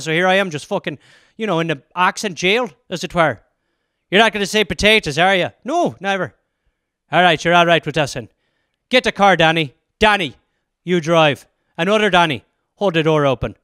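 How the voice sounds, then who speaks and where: A man putting on a thick Irish accent to play a man cursed with it, arguing with locals in loud, rapid banter. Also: sits high, clear, resonant tone, dry recording, studio quality. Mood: heated. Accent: put-on Irish.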